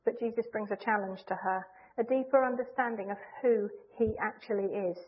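A woman preaching a sermon in an earnest, measured way, leaning hard on key phrases. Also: mid-range voice. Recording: tinny phone-like line.

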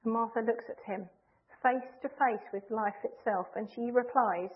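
A woman preaching a sermon in an earnest, measured way, leaning hard on key phrases. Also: a little high. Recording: tinny phone-like line.

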